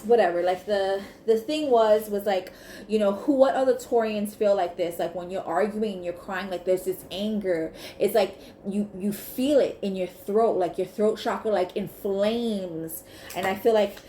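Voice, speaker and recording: A woman's voice: medium pitch, normal speed, mellow, a little hiss or hum. A woman giving a casual tarot reading to camera, blunt and emphatic, swearing freely. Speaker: tarot reader. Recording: echoey room with faint ambience.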